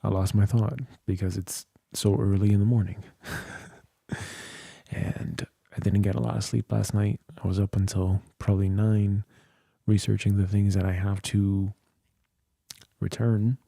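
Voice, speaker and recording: Here a fatigued streamer rambles through casual chat, thinking out loud on a close studio dynamic mic. The recording is dry, and his fairly low voice is gravelly yet mellow, moving little in pitch at a slightly slow pace.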